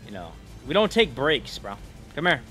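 Over faint background music, a young male gaming streamer talks at a moderate pace in a sharp, medium-pitched voice with big swings in pitch. He curses, bursts out in frustration, and mocks the bosses he's fighting.

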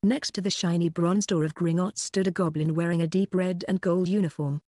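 An audiobook narrator giving a steady, scripted reading of a fantasy novel. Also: mid-range voice, a little fast, no room sound, clean studio sound.

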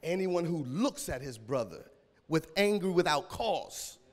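Male pastor, high voice, AAVE, shouting sermon with a cracking voice, echoing church hall. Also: sing-song, measured pace. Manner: preaching with call-and-response and sudden shouts.

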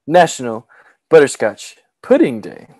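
A man co-hosting a casual podcast, joking around in a playful, animated way. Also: medium pitch, measured pace, no echo. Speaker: podcast co-host.

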